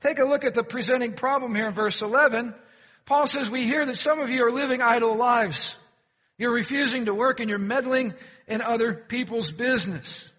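Male pastor, very high and bright voice, folksy and questioning delivery, reverberant sanctuary sound. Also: normal speed. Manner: questioning the congregation, folksy jokes. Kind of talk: sermon with humorous stories. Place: church sanctuary.

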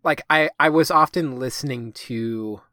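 A man's voice: medium pitch, unhurried, bright, forceful tone, no echo, studio quality. A man co-hosting a podcast in casual chat, rambling with lots of fillers and casual swearing. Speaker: podcast co-host.

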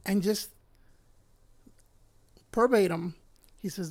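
A man's voice: sits high, a little slow. A middle-aged man from Puerto Rico, a church elder and pastor, telling his personal faith testimony in an earnest, heartfelt way that turns emotional at moments.

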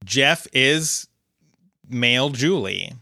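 A man co-hosting a podcast, recapping a TV episode in loose, casual chat. His voice is bright and forward, recorded close and dry. He playfully acts out the characters' lines. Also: medium pitch, lively intonation, extremely slow, gravelly, dry recording. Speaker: podcast co-host.

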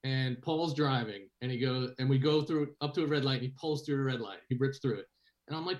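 A man in a casual chat telling a joke with a slow, deliberate build-up. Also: mid-range voice.

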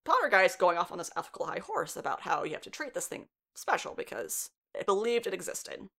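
A woman's voice: fairly low pitch, big pitch swings, fairly quick, a bit bright. A woman in her twenties retelling a story in a casual, chatty way, swearing freely and laughing often. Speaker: show reviewer. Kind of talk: casual plot recap.

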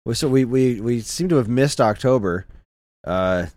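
A man's voice: mid-range voice, expressive, moderate pace, a little mellow, no room sound. A man hosting a podcast in casual chat, offhand and self-deprecating. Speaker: podcast host.

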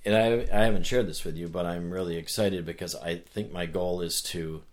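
A man talking as a guest in a casual conversation, telling a story with animated energy and earnest restarts. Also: low-pitched, a little fast. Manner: animated storyteller who acts out voices. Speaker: author and guest.

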